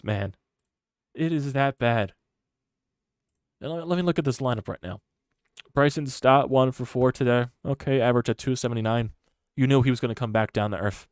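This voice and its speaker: A man ranting about his team on a live stream, swinging between loud outbursts and low muttering. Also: no room sound, clean studio sound. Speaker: sports fan streamer. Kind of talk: live-stream sports rant.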